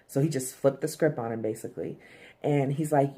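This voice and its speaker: A woman's voice: sits low, fairly even intonation, normal speed, warm tone. A woman giving a casual, profane recap of a TV episode, full of "um" and "like". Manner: loose and profane, heavy "um" and "like".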